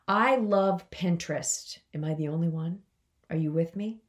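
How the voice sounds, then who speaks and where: Chatty, lower-voiced woman podcast host. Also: moderate pace. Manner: enthusiastic, chatty, direct address to listeners. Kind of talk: motivational podcast talk.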